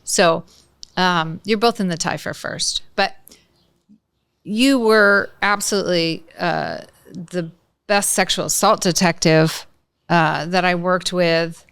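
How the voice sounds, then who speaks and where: A woman hosts an interview in a lowish, smooth, resonant voice. She is effusive and chatty, heaping on praise and restarting her phrases as she goes. The sound is close and dry. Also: steady tone, slow, a bit bright, no echo. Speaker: podcast host. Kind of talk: conversational interview.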